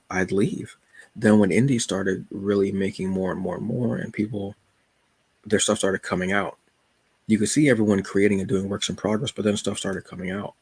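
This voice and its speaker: A man's voice: lowish voice, husky. A man hosting his own channel, chatting casually and jokingly about books and comics with plenty of asides. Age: adult. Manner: relaxed, joking, storytelling with asides. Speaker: channel host.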